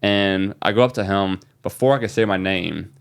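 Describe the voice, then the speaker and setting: A man from New Orleans, a young adult, guest on a podcast, telling an excited story with many fillers. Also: low voice, moderate pace, creaky, clean tone. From New Orleans, USA. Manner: animated, excited retelling with fillers. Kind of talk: casual storytelling.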